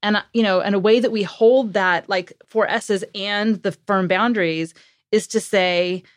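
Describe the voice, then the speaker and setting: A woman speaking in an earnest, animated way as a guest author, often circling back and restarting her sentences. Her voice sits at an ordinary middle pitch and is recorded dry and close, with no room sound. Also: a little slow, dry recording. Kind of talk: conversational interview.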